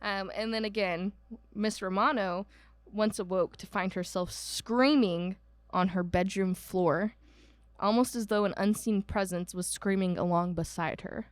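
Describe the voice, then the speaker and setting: A woman's voice: mid-range voice, steady tone, unhurried, no echo. A woman from Ohio co-hosting a podcast, telling a ghost story in casual chat with lots of ums. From Ohio, United States. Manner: chatty, many ums, laughs at herself. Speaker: podcast co-host.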